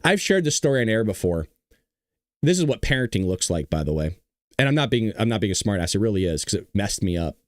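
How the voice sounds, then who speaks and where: A man in his thirties hosting a casual talk show, telling stories in an animated, joking way and laughing often. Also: fairly low pitch, quick pace, dry recording, studio quality. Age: 30s. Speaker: host of a political talk show. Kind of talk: casual livestream talk and storytelling.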